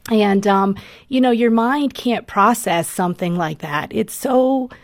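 Earnest woman with a creaky voice. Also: mid-range voice, unhurried, no room sound, clean studio sound. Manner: earnest, emotional storytelling. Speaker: guest, mother. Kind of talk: personal testimony in an interview.

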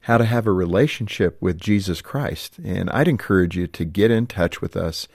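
A male radio host wrapping up an interview with earnest words. His voice is very low and the studio sound is dry. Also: normal speed, vocal fry, no echo. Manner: earnest, warm closing remarks with "uh" fillers.

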